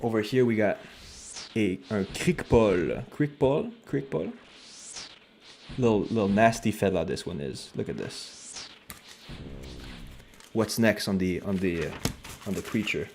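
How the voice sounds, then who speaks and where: Guy streaming, casual chat, swears a lot, kinda low voice. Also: normal speed, long pauses, a little hiss or hum. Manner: animated, joking, swears casually.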